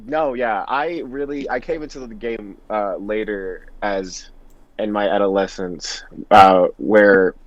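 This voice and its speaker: A young man with a fairly low voice tells a story on a podcast in a wry, halting way. The sound is dry and close, with no room around it. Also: no room sound, lo-fi sound. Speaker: podcast co-host. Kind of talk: casual chat.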